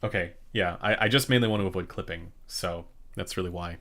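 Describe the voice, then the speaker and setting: A man hosting a casual live-stream Q&A about headphones, speaking in a relaxed, rambling way with many fillers and restarts into a slightly quiet condenser microphone. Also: low voice, a little fast. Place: home room during a studio move. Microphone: studio condenser microphone, a bit quiet.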